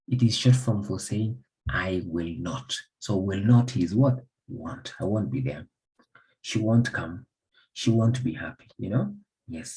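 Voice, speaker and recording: A man's voice: on the low side, warm tone, breathy edge, poor audio. A man from Somalia, teaching an English grammar lesson by repeating example sentences and asking the class questions.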